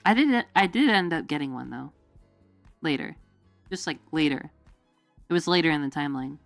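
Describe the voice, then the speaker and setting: A woman's voice: sits low, animated, moderate pace, creaky, no echo. A woman streamer chatting casually with her viewers, rambling with lots of fillers, giggling, and jumping into goofy quoted voices. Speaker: VTuber streamer. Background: faint background music.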